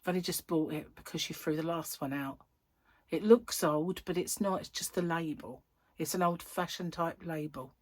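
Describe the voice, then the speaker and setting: A middle-aged woman with a husky voice, hosting a rambling, casual chat and telling anecdotes with frequent laughs. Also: sits low, normal speed, dry recording. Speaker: host.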